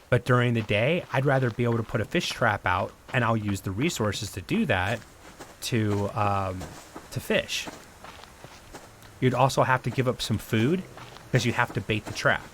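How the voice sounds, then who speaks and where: A man streaming a survival game live, thinking aloud in a relaxed, rambling way as he plays. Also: mid-range voice, normal speed, a little hiss or hum. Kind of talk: casual live-stream gameplay commentary.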